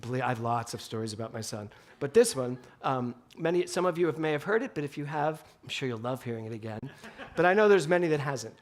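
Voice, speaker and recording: A male minister giving a Sunday talk in a spiritual center, telling an animated story with bursts of laughter. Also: mid-range voice, quick pace. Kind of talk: sermon storytelling.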